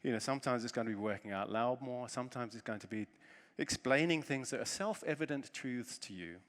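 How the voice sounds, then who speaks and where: A man giving a conference talk, telling a self-deprecating story with lively humor from the stage. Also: mid-range voice, a little fast. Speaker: conference speaker. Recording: long reverb of a large hall.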